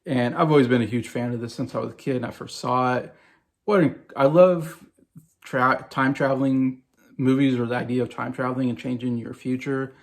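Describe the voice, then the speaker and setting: A man in his forties with a gravelly, creaky edge and a mid-range pitch talks eagerly about films he loves. He rambles in a casual vlog way, tripping over restarts and fillers as his excitement builds. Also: brisk. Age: 40s. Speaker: movie vlogger. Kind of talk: casual movie ranking vlog.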